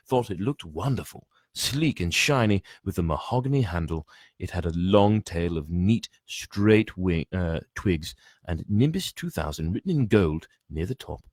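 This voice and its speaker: A man's voice: low-pitched, a little mellow, dry recording, clean studio sound. A man reading a book aloud, often stumbling and restarting, with chatty asides. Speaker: reader.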